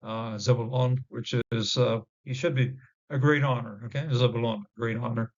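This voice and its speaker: A man giving an informal Bible word-study lesson, halting with many fillers and restarts, sounding out Hebrew words slowly. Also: medium pitch, fairly even intonation. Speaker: Bible teacher. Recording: dull lo-fi recording.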